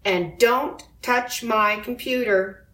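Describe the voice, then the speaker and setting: A woman voicing a busy mother in a storybook reading, brisk and firm but kind. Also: a little high, a bit bright. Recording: roomy echo.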